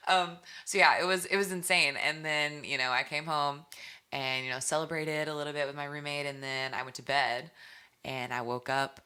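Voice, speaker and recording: A young woman musician being interviewed, telling stories in a bubbly, animated way with lots of fillers. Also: deep voice, moderate pace, smooth. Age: young adult. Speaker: musician guest. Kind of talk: casual interview chat.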